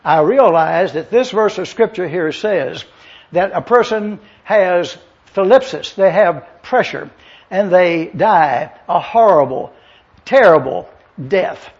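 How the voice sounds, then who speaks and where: An older man preaching a teaching sermon as pastor, slowly explaining words and spelling them out letter by letter. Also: sits high, lively intonation, husky, muffled recording. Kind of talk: expository sermon.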